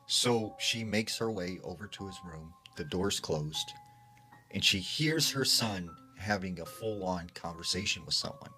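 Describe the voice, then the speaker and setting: A man's voice: low-pitched, fairly bright tone. A man narrating a true spooky story in a casual, conversational storytime way, leaning on "like" and acting out what people said. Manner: conversational, heavy use of "like", acts out quoted lines.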